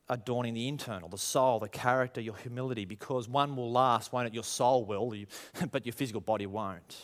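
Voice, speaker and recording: A man preaching a sermon, animated and full of rhetorical questions, acting out quoted voices. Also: medium pitch. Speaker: pastor.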